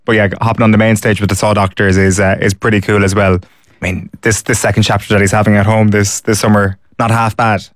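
An Irish man hosting a podcast who chats casually and briskly steers the talk to the next item. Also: lowish voice, level tone, no echo, studio quality. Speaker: podcast host. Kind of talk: casual chat.

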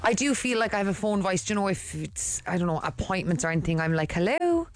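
A woman's voice: on the low side, fast talker. An Irish woman co-hosting a radio show, chatting casually and giggling as she acts out voices in her stories. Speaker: radio co-host.

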